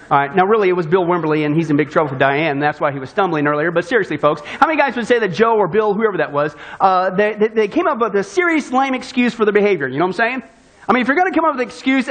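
A man's voice: extremely high pitch, breathy edge. A man preaching a sermon in a folksy, conversational manner, often checking in with the audience. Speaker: pastor.

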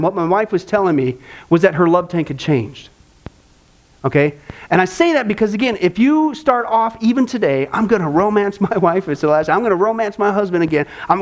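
High-voiced, animated male preacher. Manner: animated storytelling, acting out voices. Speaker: pastor. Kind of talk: sermon with personal stories.

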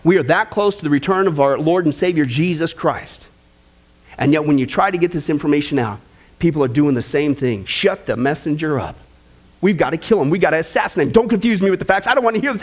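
A man preaching a sermon in an animated way, acting out the voices of the people he quotes. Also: on the high side, quick pace.

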